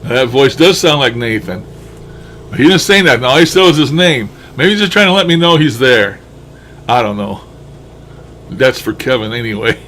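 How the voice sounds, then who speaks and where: A paranormal enthusiast casually comments over playback of his own recordings, musing aloud, chuckling often and swearing mildly now and then. His male voice is medium-pitched, expressive and a bit bright, at normal speed, with a little hiss or hum.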